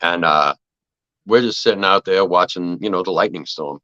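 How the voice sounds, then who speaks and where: A man with a very low, forceful voice tells loose, profane stories from film sets, often slipping into the voices of the people he quotes. The sound is dry and close, with a slightly dull, lo-fi tone. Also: normal speed, no room sound. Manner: animated anecdotes, acts out quoted voices, swears freely. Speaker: actor telling set stories. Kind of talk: casual podcast storytelling.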